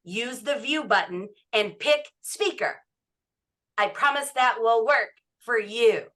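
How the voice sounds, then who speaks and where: A woman with a bright, fairly high voice hosts an online meeting over a video call. She talks in a chatty, affectionate way with plenty of ums and uhs. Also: slow. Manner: chatty and affectionate, with many fillers. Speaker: host of an online club meeting. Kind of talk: warm emcee introduction.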